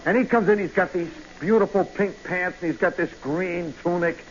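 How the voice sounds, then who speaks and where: High-voiced man spinning a rambling yarn. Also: normal speed. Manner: rambling, animated, many asides and "you know"s. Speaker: radio host. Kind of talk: radio storytelling monologue. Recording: muffled old radio broadcast with faint hiss.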